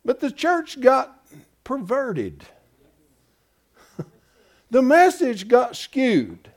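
A man's voice: extremely high pitch, wildly swooping pitch, extremely slow. A man preaching a Bible-study sermon, emphatic and folksy, often asking his congregation rhetorical questions. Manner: folksy, calls listeners "folks".

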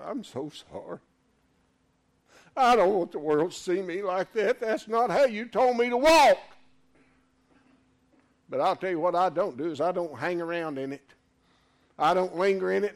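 A man preaching a sermon, fervent, swinging from loud exclamations to quiet asides. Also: a little high, creaky.

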